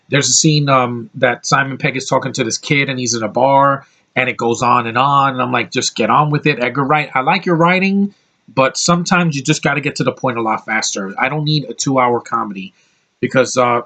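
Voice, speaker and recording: A man's voice: medium pitch, a bit bright. An American man giving a casual, rambling film review, blunt and opinionated, swearing freely and restarting his sentences often. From United States. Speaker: movie reviewer.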